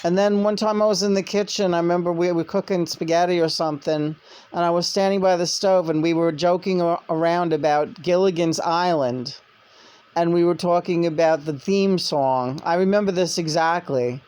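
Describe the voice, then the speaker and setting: A woman's voice: fairly low pitch, steady tone, moderate pace, darkish tone. A woman vlogger and spirit medium telling stories in a casual monologue, rambling with many restarts.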